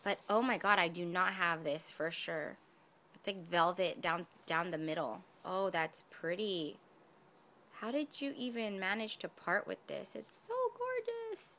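A woman's voice: lowish voice, unhurried, bright, forceful tone. A woman unboxing craft gifts on her vlog, gushing and breathless, gasping and whispering in awe, hot and catching her breath. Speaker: vlogger opening a craft swap package.

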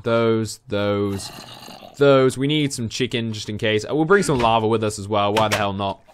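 A young man giving casual, excitable let's-play commentary while playing, talking back to the game's creatures. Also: fairly low pitch, fast talker, a little hiss or hum. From England. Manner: excitable, jumpy, talks to game creatures. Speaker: gaming YouTuber.

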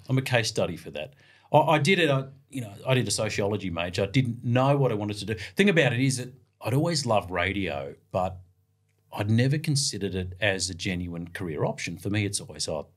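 A middle-aged man with an Australian accent, a radio sports broadcaster telling casual anecdotes as a guest. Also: fairly low pitch. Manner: lively yarn-spinning, plays out the voices of others.

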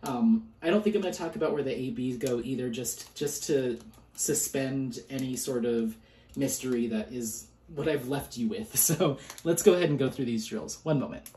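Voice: medium pitch, moderate pace, dark tone, low-quality recording. A hobby vlogger in a casual unboxing chat who gushes and rambles with many fillers and laughs, then reads out long runs of color numbers. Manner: chatty and gushing, with frequent fillers and laughs. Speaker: diamond painting hobby vlogger.

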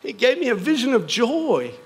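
A middle-aged man with an American accent and a notably high-pitched voice shares a personal testimony before a congregation. His storytelling is earnest and unhurried, broken up now and then by dry jokes at his own expense. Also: sing-song, breathy edge, low-quality recording. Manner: earnest storytelling with light self-deprecating humor. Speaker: guest speaker.

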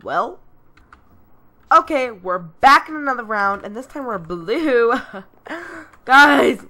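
A woman talks through her video game in a casual, excitable and self-deprecating way. Her voice is bright and edged, and she speaks at an unhurried pace. Keys click on a keyboard behind her. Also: on the high side. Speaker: gameplay commentator.

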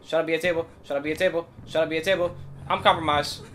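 A young man hosting a gaming channel, giving excitable running commentary to his viewers as he plays, often bursting into high-pitched yelling. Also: very fast, a little hiss or hum. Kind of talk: live game commentary.

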